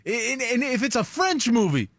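A man co-hosting a radio show, arguing his points with animated retellings in casual banter. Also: very high-pitched, a little fast, breathy edge, no echo, clean studio sound.

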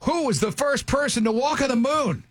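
A man's voice: very high-pitched, moderate pace, no room sound, clean studio sound. A man hosting a morning radio show, joking and teasing a caller through a quiz.

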